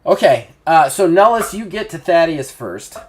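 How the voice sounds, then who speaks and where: Laughing, chatty tabletop game master. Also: male voice, a little high, sing-song, moderate pace, crowd noise. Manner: chatty, laughing often, with many fillers.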